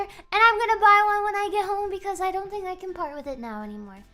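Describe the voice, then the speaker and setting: A woman streamer chatting casually in a joking, rambling, animated way. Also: very high voice, quick pace, few pauses, soft background music. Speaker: VTuber streamer.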